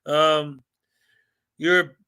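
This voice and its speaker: A man's voice: on the high side, little pitch movement, very slow, bright, forceful tone, smooth. A man hosting a casual live stream, joking, laughing often and reading mock legal paperwork aloud at his computer.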